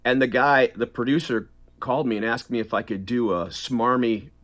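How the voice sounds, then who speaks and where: A middle-aged man, a voice actor, chatting as an interview guest, animated and quick to laugh, drifting in and out of accents. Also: medium pitch. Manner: animated, laughs often, slips into accents mid-sentence. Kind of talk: casual interview chat.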